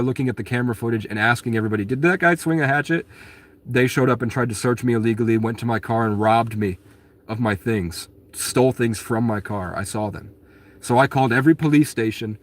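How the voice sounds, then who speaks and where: Guy ranting at his viewers, rambly and aggrieved, lots of restarts, medium voice, swears a lot. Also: medium pitch. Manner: blunt, swears at commenters. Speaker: vlogger answering viewer questions. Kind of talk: casual storytelling monologue.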